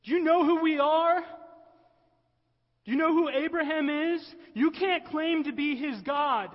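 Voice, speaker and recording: A man voicing a crowd of outraged, indignant religious men, with slow, raised, incredulous shouting. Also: very high voice, voice pushed up. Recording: echoey hall, dull lo-fi sound.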